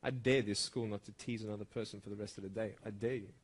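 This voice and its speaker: A man delivering a motivational speech at a school assembly, emphatic and swinging from loud bursts to hushed intensity. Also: on the low side, steady tone, fast, breathy edge. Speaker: motivational speaker.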